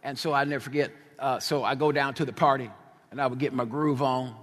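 A middle-aged man from New Jersey preaching a sermon, telling stories with lively, casual asides. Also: mid-range voice, a little fast, in a large hall, slight background noise. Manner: animated storytelling with casual asides.

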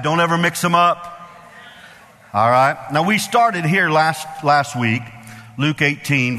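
A man's voice: medium pitch, bright, forceful tone. A man preaching a sermon as pastor, emphatic and repetitive, with call-and-response asides to the congregation. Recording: long hall reverb.

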